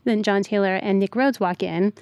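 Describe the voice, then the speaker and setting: A woman's voice: mid-range voice, normal speed, darkish tone, dry recording. A woman writer, the guest on a podcast, chatting casually and telling stories with lots of "like" fillers. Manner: chatty storyteller, many "like" fillers. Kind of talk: casual interview chat.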